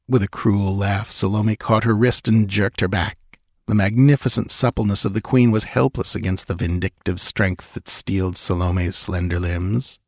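A man narrating a fantasy audiobook in an expressive, measured storytelling manner. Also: fairly low pitch, dry recording, studio quality.

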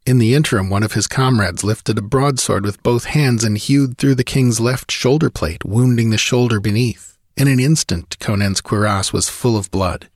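A man's voice: medium pitch, normal speed, few pauses, no room sound, clean studio sound. A man narrating a sword-and-sorcery audiobook with vivid, driving storytelling.

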